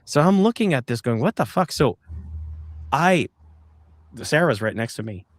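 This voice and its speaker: A man, a film producer on as a guest, telling a personal anecdote in an animated, emphatic way and swearing freely. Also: mid-range voice, a little slow, no room sound. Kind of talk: storytelling anecdote.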